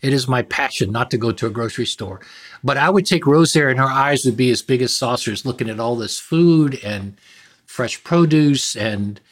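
Doctor guy on a podcast, mid-pitch voice, laid back and dry-funny. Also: normal speed. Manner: relaxed, wry self-deprecating humor. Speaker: physician guest. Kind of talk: podcast interview.

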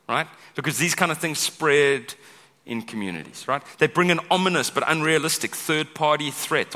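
A man preaching a sermon as pastor, chatty and animated, often checking in with "right?" and acting out quoted lines. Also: mid-range voice, normal speed. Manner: conversational, keeps asking "right?"; acts out quoted speech with big vocal swings. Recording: long hall reverb.

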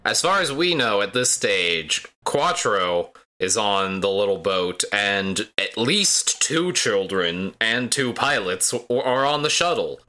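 A man talks through plot beats in a relaxed, easygoing way, slipping in dry jokes. His voice sits low but has a bright, forward edge. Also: takes it slowly, hardly any pauses. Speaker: podcast co-host. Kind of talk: casual recap chat about an anime.

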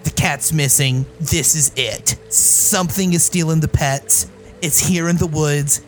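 A man playing a nosy young amateur reporter in a tabletop game, eager and quick-talking. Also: fairly high pitch, soft background music, close to an everyday voice. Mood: excited. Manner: eager, rapid, excitable.

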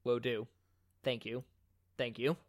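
A man voicing a shaken young man companion who answers quietly, politely and briefly. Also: medium pitch, little pitch movement, slow pace, lightly acted. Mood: subdued.

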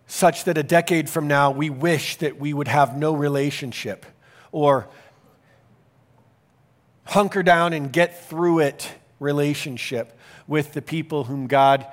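A male pastor delivering a sermon in an earnest, emphatic style, speeding up and slowing down for emphasis. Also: on the high side. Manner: earnest, emphatic preaching with varied pace.

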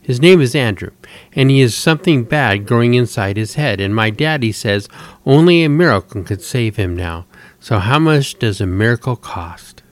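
A man's voice: mid-range voice, lively intonation, moderate pace, lightly acted. A man voicing an earnest, determined eight-year-old girl in a read-aloud story, sounding insistent and pleading.

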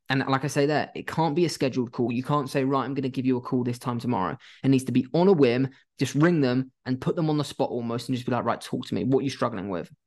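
A young man with a mid-range voice talks straight to the camera about running his agency. He is blunt and animated and swears now and then. He acts out phone calls with clients as he goes. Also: mid-range voice. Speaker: agency owner giving business advice. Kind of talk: casual talking-head advice.

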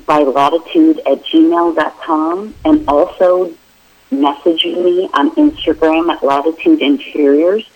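A woman's voice: on the low side, low-quality recording. A middle-aged woman interior designer, a guest in a remote interview, explaining her work in a friendly, informal way with many fillers.

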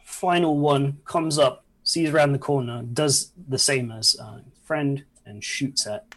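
Soft-voiced, calm dungeon master. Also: medium pitch, a little slow. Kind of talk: narrating a tabletop game.

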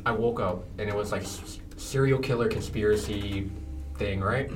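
Young guy, lowish voice, rambling and profane, distant mic over group chatter. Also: moderate pace, background noise. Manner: rambling, profane, filler-heavy. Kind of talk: casual chat.

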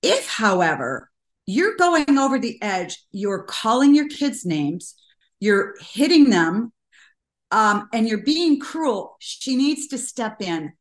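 An older woman speaking as a guest in an interview, telling stories earnestly and getting animated when she quotes people. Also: on the high side, takes it slowly. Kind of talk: conversational interview. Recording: roomy echo.

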